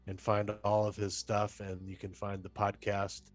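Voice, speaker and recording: A male host closes out an interview with affirming words for his guest. His voice sits a little low, with faint music underneath. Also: monotone, unhurried, hardly any pauses.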